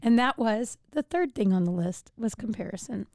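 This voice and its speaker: A woman hosting a podcast, chatting in a friendly, relaxed way with frequent "you know.". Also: a little high, normal speed, creaky, no room sound, clean studio sound. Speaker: podcast host. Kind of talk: casual podcast chat.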